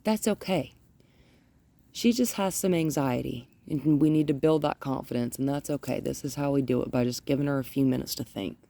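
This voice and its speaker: Mellow-voiced woman dog trainer, calm and coaxing. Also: a bass voice, brisk, creaky. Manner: calm, coaxing praise mixed with plain explanation. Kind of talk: hands-on training demonstration. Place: outdoors by her front yard and gate.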